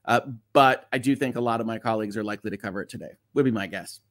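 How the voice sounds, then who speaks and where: A middle-aged man, a lawyer hosting a casual livestream, reading viewer comments aloud and chatting about them quickly. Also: on the low side. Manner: fast-talking, chatty, reads comments aloud.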